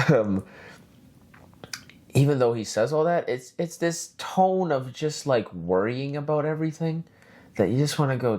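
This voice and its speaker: A man hosting his own podcast, ranting in a profane, rambling, animated way. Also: mid-range voice, a little slow, long pauses. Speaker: podcast host. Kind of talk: solo casual podcast rant.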